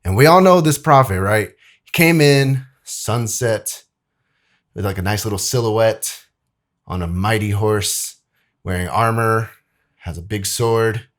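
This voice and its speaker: A man's voice: fairly low pitch, unhurried. A young man in an easygoing Bible lesson. He speaks loosely and chattily, full of fillers, and slips into reading scripture. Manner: loose and chatty, many "like"s, acts out quotes. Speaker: video editor presenting a Bible lesson.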